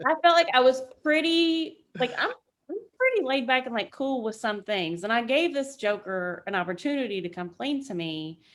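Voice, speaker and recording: Woman, military veteran, podcast guest, slightly high voice, animated, casual storytelling, swears freely. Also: normal speed.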